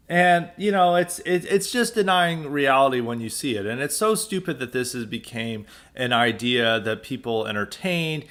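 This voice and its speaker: A man's voice: mid-range voice, lively intonation, normal speed, few pauses, fairly bright tone. Sarcastic American man hosting a podcast. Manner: sarcastic, emphatic, frequent restarts. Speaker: podcast host. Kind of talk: political commentary monologue.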